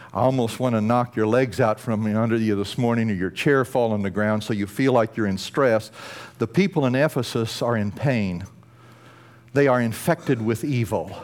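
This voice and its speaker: A man preaching a sermon from a church, emphatic, building to bursts of intensity and then dropping low and slow. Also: a little mellow. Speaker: pastor.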